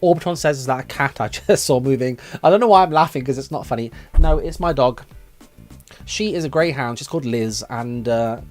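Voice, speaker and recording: A man's voice: medium pitch, fairly quick, darkish tone, faint music behind. A young man hosting a casual live stream, musing aloud and reading viewers' chat messages from a desk mic at home. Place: room at home with his dog.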